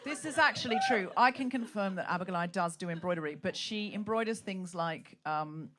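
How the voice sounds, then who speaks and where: A woman hosting a live comedy podcast on stage, rallying a laughing audience with animated, punchy banter. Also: mid-range voice, moderate pace, slight background noise. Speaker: podcast host.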